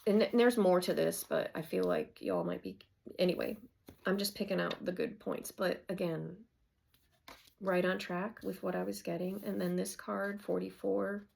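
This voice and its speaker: Casting: a gravelly woman in her fifties, a chatty oracle card reader. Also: lowish voice, a little mellow. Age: 50s. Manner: reads card text aloud then rambles about it. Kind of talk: casual oracle card reading.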